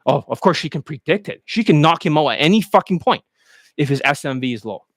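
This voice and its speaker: A man's voice: on the high side, expressive, fairly quick, no room sound, clean studio sound. A man ranting as a dating coach, blunt, profane and mocking.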